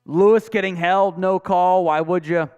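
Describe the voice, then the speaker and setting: A high-pitched man calls plays on a live fan stream, then rants and swears about his team's choices. He reads viewer messages aloud between plays. Faint music plays under his voice. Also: steady tone, unhurried, a little mellow, smooth, highs cut off. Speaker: sports stream host. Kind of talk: live play-by-play and fan commentary.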